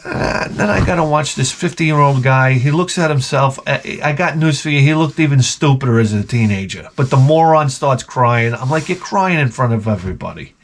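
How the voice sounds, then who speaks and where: A man's voice: medium pitch, normal speed, hardly any pauses, slight background noise. A man hosting a podcast in a casual comedic rant, sarcastic, mocking and full of profanity. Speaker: podcast host.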